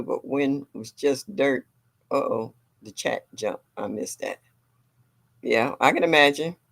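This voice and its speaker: Older lady doing a garden livestream, gravelly voice, chatty, reads out the chat. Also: rumbling low. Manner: chatty, reads viewer comments aloud. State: a little sore. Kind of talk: casual livestream chat reading comments.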